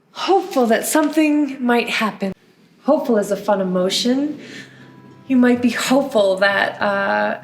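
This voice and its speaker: A woman songwriting teacher leading a gentle lesson for young children, in sing-song, encouraging teacher talk with playful vocal sounds. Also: medium pitch, reverberant. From United States.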